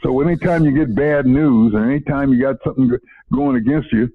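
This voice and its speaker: This older man once worked as an educator and now spins loose, repetitive anecdotes for an interviewer, laughing softly as he goes. He talks fairly quickly in a medium pitch with a slightly rough edge. The sound comes through thin and phone-like.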